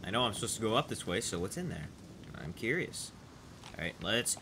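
A man giving casual gameplay commentary, excitable and chattering to his character, over noticeable background noise. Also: lowish voice, brisk. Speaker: gaming channel host.

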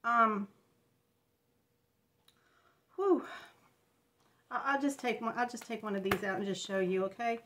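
A woman in her fifties talking through tears in a personal home vlog, halting and restarting often. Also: a little high, a bit bright. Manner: halting, tearful, many restarts. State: crying. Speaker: vlogger.

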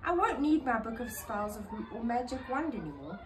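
A woman reading a storybook aloud, putting on the voice of a cheerful, fussy female witch who talks in bright exclamations. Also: on the high side, sing-song, moderate pace, noisy background. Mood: pleased.

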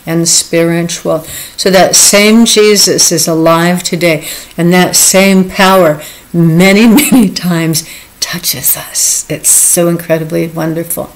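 Earnest woman retelling scripture, slow, heartfelt, chuckles often. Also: lowish voice, poor audio. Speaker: devotional speaker. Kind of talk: informal Bible teaching.

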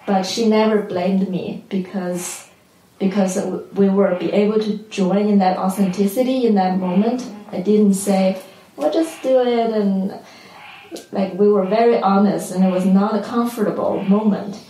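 A woman with as her tells a personal story in plain, earnest words. Her voice is mellow and mid-pitched. It carries through a reverberant room with faint noise. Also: fairly even intonation, normal speed, far from the mic. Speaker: spiritual teacher. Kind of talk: personal sharing at retreat. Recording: echoey room.

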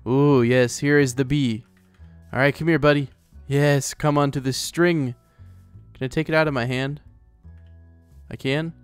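Guy rambling through his game commentary, chatty, talks to the animals, soft music behind. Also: medium pitch, fairly even intonation, a little slow, clear, resonant tone, no room sound. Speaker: let's play host. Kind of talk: casual gameplay commentary.

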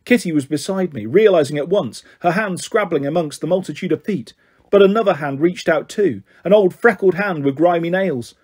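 Husky man reading a children's novel. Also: on the high side, normal speed. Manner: steady first-person narration, voices for the characters. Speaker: storyteller.

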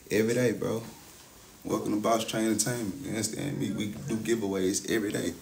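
A man's voice: lowish voice, fairly even intonation, fast talker, gravelly, slight background noise. A young man in casual livestream chat, boastful and hyped, talking to his chat with constant filler phrases. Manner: boastful, hype talk with constant "you know what I'm saying" fillers.

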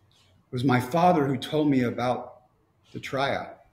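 Gravelly middle-aged man, wry storyteller, echoey room. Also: medium pitch, measured pace. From Texas. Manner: wry, storytelling with quoted dialogue. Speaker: motivational speaker. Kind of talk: storytelling talk.

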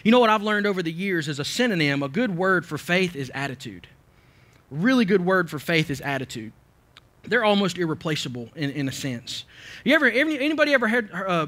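A man delivers a church sermon in a high, bright, forceful voice. He preaches with emphasis, repeats key phrases and often restarts his sentences as he presses each point home. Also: expressive, quick pace. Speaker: pastor.

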